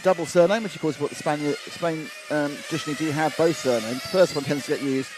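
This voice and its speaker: A man's voice: a little high, fast. A man commentating live on a radio-controlled car race, chatting casually and reading out viewer messages with asides. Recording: noisy trackside with engine sounds. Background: race car engines and ambience.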